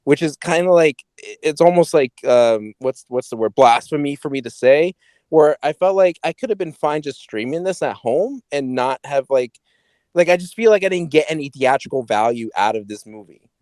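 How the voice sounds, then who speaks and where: A man's voice: a little high, expressive, moderate pace, a little mellow, dry recording. A man co-hosting a podcast, chatting casually about a movie in a rambling way, correcting himself and swearing now and then. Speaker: podcast co-host. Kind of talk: casual movie review chat.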